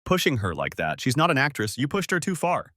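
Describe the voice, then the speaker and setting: A guarded male producer, calm on top but taut underneath, keeping his voice low. A man plays him close to his own voice. The sound is dry. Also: a little fast, no room sound, heavily acted.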